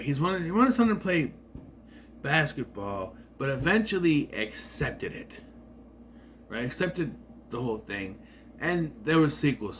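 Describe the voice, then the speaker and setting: A man's voice: medium pitch, fairly bright tone, slight background noise. A man giving a casual, rambling movie review with sarcastic asides.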